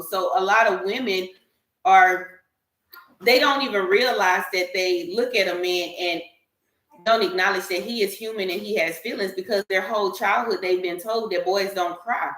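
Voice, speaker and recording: Her voice sits in the mid range, a bit bright, at a moderate pace. Serving as a guest on a discussion panel, she explains her opinions earnestly and at length in a frank group conversation, captured in an echoey room.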